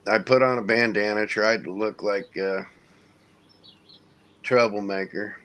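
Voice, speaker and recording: A man's voice: fairly low pitch, fairly even intonation, unhurried, a bit bright, a little hiss or hum. Laid-back, profane male veteran storyteller. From United States (Indiana). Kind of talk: casual storytelling in a group hangout.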